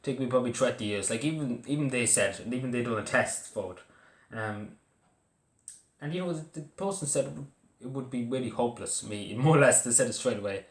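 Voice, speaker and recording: A young Irish man talking casually about his own school days, halting and full of fillers and restarts. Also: mid-range voice, expressive. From Ireland. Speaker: vlogger. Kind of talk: casual personal talk to camera. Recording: echoey room.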